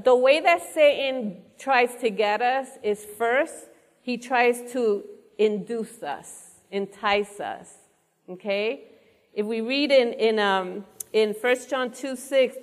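A woman preaching an interactive sermon, asking her listeners questions and repeating their answers back to them. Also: on the high side. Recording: long reverb of a large hall.

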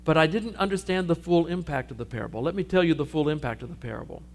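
A man preaching a sermon, telling a parable with lively storytelling and acting out the characters' lines. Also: a little high, fast talker, slight background noise. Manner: animated storytelling, acting out sheep and Jesus. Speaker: pastor.

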